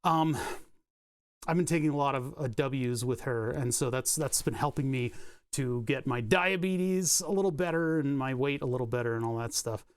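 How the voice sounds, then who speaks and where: A man chatting casually to his stream audience from a home workspace on a desk mic. He rambles with fillers and restarts, and breaks into high baby talk for his dog. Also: normal speed, clear, resonant tone. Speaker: livestreamer. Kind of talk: casual live-stream chat. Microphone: desk mic on a cable.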